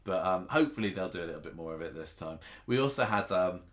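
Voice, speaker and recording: A man's voice: sits low, lively intonation, fast talker. A man co-hosting a casual podcast, rambling and thinking aloud with restarts. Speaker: podcast co-host. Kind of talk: casual chat about a TV soap.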